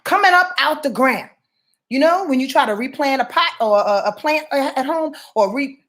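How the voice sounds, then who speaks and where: High-voiced emphatic New woman. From New York. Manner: emphatic, profane, preachy, repeats phrases. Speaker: astrologer. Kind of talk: casual weekly astrology rundown.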